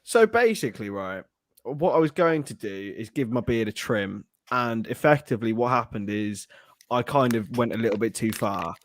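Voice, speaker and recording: A man's voice: mid-range voice, animated, normal speed, no echo. A man co-hosting a casual football podcast in an upbeat, easygoing manner. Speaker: podcast co-host.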